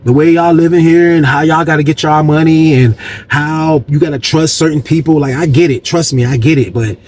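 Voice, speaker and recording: Man doing a streetwise woman officer, frank, easygoing, a bit higher voice. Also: a little fast, a little mellow, slight background noise, lightly acted. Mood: understanding. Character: woman prison officer, streetwise, money-minded.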